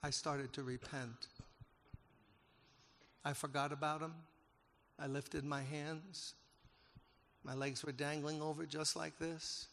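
A man preaching a sermon as a story, emotional and rising to loud, emphatic peaks. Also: a little high, flat delivery, slow, creaky, pauses often. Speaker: pastor. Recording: long hall reverb.

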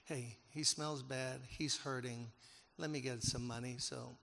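A male pastor tells a story from the pulpit in a gravelly voice, pitched in the middle range. He turns emotional and pushes up to loud, emphatic peaks. His words ring out with a long reverb, as in a large church hall. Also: fairly even intonation, unhurried, slight background noise. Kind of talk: sermon storytelling.

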